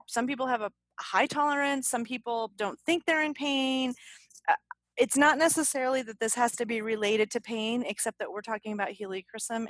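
A woman's voice: on the high side, a bit bright, no echo. Upbeat chatty woman podcast host. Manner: chatty, upbeat, many fillers and restarts. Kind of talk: casual podcast chat.

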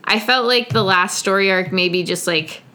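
A woman's voice: medium pitch, moderate pace, pushed and bright. A young woman co-hosting a comics podcast, chatting casually and enthusiastically, swearing freely. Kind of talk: casual chat.

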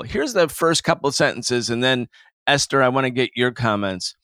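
Guy hosting a studio news panel, fired up and emphatic, crisp dry sound. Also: medium pitch, lively intonation, normal speed, fairly bright tone, dry recording. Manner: indignant, emphatic political commentary. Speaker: host. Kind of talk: roundtable news commentary.

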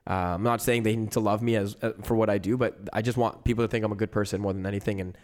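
A man's voice: on the low side, level tone, very fast, darkish tone. A man speaking as a guest in a casual studio chat, earnest and full of restarts and "you know.". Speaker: guest broadcaster.

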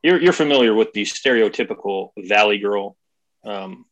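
A husky man talks in a loose, animated podcast-chat way. He swears freely and slips into mocking voices for effect. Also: lowish voice, normal speed, muffled recording. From California. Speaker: guest podcaster.

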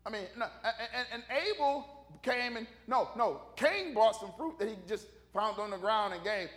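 A man preaching a casual, humorous sermon, animated and conversational, joking with the congregation. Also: high-pitched, normal speed.

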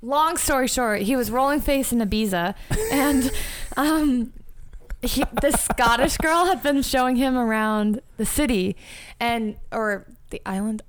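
Giggly young woman co-hosting a podcast. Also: fairly high pitch. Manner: giggly, tells stories with quick asides. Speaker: podcast co-host. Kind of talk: casual chat.

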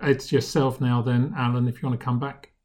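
A man co-hosting a casual music chat, relaxed and easygoing. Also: mid-range voice, a little fast. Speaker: co-host.

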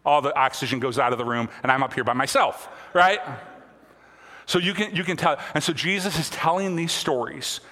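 A man's voice: fairly high pitch, a little fast, sharp tone, big-room sound. A man preaching a sermon as pastor of a church, talking conversationally and often checking in with "right?", with touches of self-deprecating humor. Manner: conversational, frequent "right?" and "all right?" check-ins. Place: church sanctuary.

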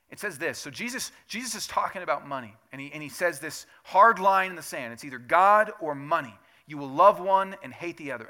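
Guy preaching in church, bright ringing voice, chatty, asks questions then gets loud and punchy. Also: mid-range voice. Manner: conversational preaching with rhetorical questions, rising to loud emphatic peaks. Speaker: pastor. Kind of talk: sermon. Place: church sanctuary.

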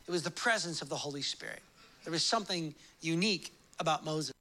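Brisk and fairly high-pitched, this man in his thirties is a pastor delivering a sermon over rough-sounding audio. His personal story comes alive as he animatedly performs the quoted voices of each character.

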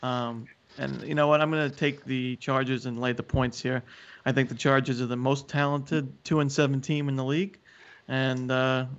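A man calmly giving his sports pick in a matter-of-fact way. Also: mid-range voice, dull audio. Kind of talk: casual betting picks chat.

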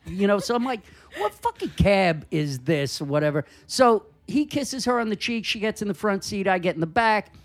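Man, comedian guest, casual storytelling, profane, animated, acts out dialogue. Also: sits high.

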